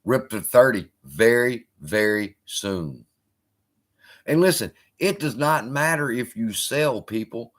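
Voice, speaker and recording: A man hosts a casual live stream, speaking in loose, profane bursts while he reads and answers his chat. His voice is bright and forceful, and his pitch jumps all over the place as he talks. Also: slow pace. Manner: profane, animated, heckling chat. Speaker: host.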